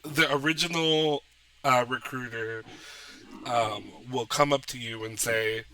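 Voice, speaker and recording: A man's voice: medium pitch, fairly even intonation, unhurried, sharp tone, no echo, far from the mic. A man narrating as game master of a tabletop game, playful and laughing often.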